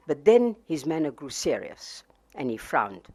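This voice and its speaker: A woman's voice: low-pitched, very animated, a little slow, a little mellow, breathy edge. An older woman from Palestine reading from her memoir in a wry, anecdotal way. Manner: wry, anecdotal, with fillers and laughs. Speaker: author.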